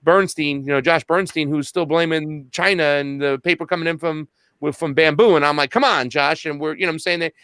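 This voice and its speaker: A man in an animated, casual chat who tells stories and acts out what others said. His voice sits fairly high and sounds smooth and clear. The sound is dry and close. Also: fairly quick, no echo. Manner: animated storytelling, acts out quoted dialogue. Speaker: podcast host and activist guest.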